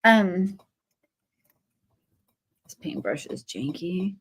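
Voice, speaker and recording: A woman chats on a live craft stream. She paints and rambles through family stories, stopping to greet viewers by name. Her pitch sits in the middle range for a woman. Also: slow, long pauses. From Ohio. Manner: rambling, animated storytelling, talks to viewers by name while painting. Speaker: craft livestream host.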